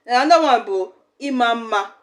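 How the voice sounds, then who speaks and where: A woman's voice: a little high, lively intonation, a little fast. A young woman, teaching a language lesson in a chatty, explaining way. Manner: chatty, acts out little quoted exchanges.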